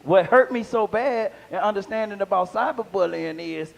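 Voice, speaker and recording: Older male comic with a high voice, loose and rambling live set, chuckling through his punchlines. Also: normal speed, vocal fry, hardly any pauses. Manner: rambling, playful, laughs at own jokes. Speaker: stand-up comedian, guest. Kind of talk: live stand-up comedy. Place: live comedy venue with audience.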